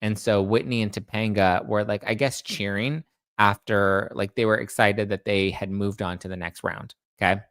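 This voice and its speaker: A man's voice: fairly low pitch, fairly even intonation, moderate pace, fairly bright tone, clear, resonant tone, dry recording. A man hosting a celebrity gossip show, chatting casually in a rambling way and reading out viewer comments. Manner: rambling, chatty, restarts and self-corrects. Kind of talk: casual chat.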